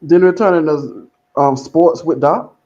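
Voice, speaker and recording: A man's voice: fairly high pitch, unhurried, a little mellow, muffled recording. A man in a casual talk show, chatting in a teasing, joking way. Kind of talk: casual chat.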